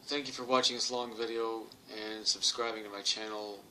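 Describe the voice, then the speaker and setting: Man from Texas, low and tense-edged voice, rambling vlog monologue full of restarts and chuckles. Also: steady tone, normal speed, pushed and bright, recorded from a distance, slight background noise. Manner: rambling, repeats words and restarts often, chuckles at own jokes. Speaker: author and channel host. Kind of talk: casual monologue to camera. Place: home in England.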